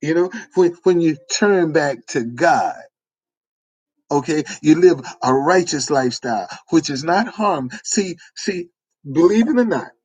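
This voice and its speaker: A man's voice: a little high, lively intonation, measured pace, husky, no echo. A man, delivering an informal preaching monologue with repetitive, emphatic phrasing. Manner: repetitive, emphatic, folksy street-preacher cadence. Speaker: online preacher.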